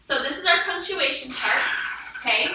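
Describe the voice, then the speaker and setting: A woman's voice: sits high, lively intonation, normal speed. A woman teaching a punctuation lesson to children, asking patient leading questions and repeating their answers, recorded from far off in an echoey classroom. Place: school classroom. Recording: echoey classroom, distant camera, faint noise.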